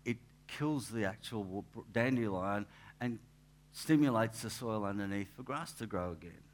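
A man, a pastor giving a relaxed, anecdotal sermon in church, with asides and restarts. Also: fairly low pitch, normal speed. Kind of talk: conversational sermon.

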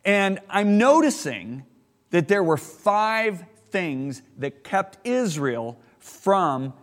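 A middle-aged man preaching a sermon emphatically, slowing down to stress key words and rising sharply in pitch when he gets worked up. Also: very animated, big-room sound.

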